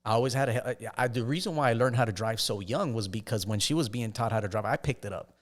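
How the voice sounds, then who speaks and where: A man, a podcast guest, telling his life story in a casual, halting way with frequent restarts. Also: mid-range voice.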